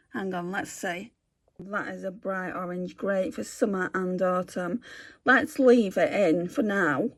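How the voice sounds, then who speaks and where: Woman doing a makeup vlog, chatty, thinks out loud, mid pitch. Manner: chatty, thinks aloud, self-correcting. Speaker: beauty vlogger. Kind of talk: casual makeup swatching vlog.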